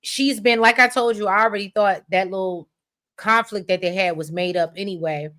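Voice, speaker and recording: A woman from the United States co-hosting a casual chat, talking in an animated, rambling, expressive way. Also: mid-range voice, moderate pace. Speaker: podcast co-host.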